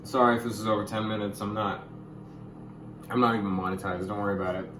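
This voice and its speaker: A young man explaining money topics in a casual vlog, goofy and jokey, with sudden loud, excited bursts. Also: lowish voice, fast, reverberant, slight background noise, poor audio. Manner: goofy, hyper bursts, calls viewers gamers. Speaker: YouTuber.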